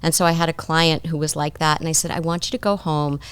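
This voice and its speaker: A woman's voice: deep voice, level tone, quick pace, fairly bright tone, smooth. A woman psychotherapist guest giving thoughtful conversational advice, explaining her points through stories about clients.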